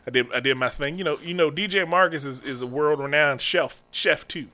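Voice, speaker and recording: A man in his late thirties hosts a loose comedy podcast from a studio, his voice bright and fairly high for a man. He chats playfully, laughs easily, and stumbles over repeated words as he thinks aloud. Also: a little fast. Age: 30s. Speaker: podcast host. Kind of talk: casual comedy podcast banter.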